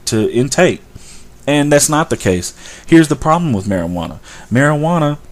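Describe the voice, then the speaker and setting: A man's voice: medium pitch, darkish tone. A man hosting a talk show, ranting in an opinionated monologue with sarcastic asides. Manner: ranting, sarcastic, mocks stoners in a drawl. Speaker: show host.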